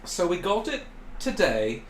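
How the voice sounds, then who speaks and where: Brief: young male podcast host, lively teasing delivery, roomy echoey room. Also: high-pitched, unhurried. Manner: teasing, laughing, jumps in excitedly. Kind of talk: casual chat. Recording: roomy echo, faint hiss.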